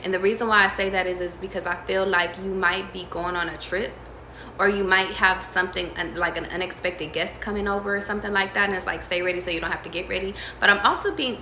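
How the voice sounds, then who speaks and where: A woman giving a casual tarot reading, slangy and profane, breaking into excited squeals. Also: lowish voice, echoey room, a little hiss or hum, poor audio. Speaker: tarot reader.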